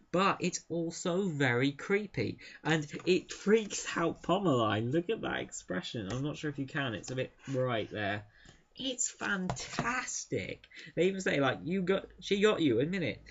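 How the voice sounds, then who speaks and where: A man's voice: a little high, fairly bright tone, lo-fi sound, slight background noise. Enthusiastic man reviewing comics. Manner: enthusiastic, chatty with frequent fillers. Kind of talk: casual review talk.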